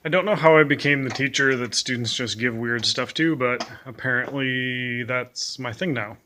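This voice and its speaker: A young man with a bright, forward voice tells school stories straight to the camera, dry and a little self-mocking. Faint music plays underneath. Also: mid-range voice, moderate pace. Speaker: school teacher. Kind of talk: casual storytelling to camera.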